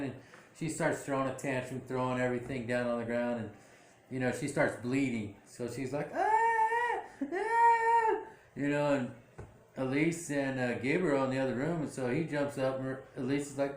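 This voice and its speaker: Rambling man recapping a drama. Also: medium pitch. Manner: rambling, full of fillers and self-corrections. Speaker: show recap vlogger. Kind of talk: casual episode recap. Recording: echoey room.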